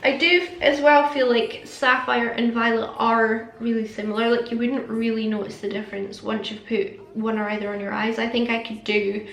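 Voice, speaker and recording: A woman's voice: a little high, steady tone, moderate pace, vocal fry, few pauses, fairly bright tone, roomy sound. A young Scottish woman, a beauty vlogger, chatting casually to camera with a slight lisp. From Scotland.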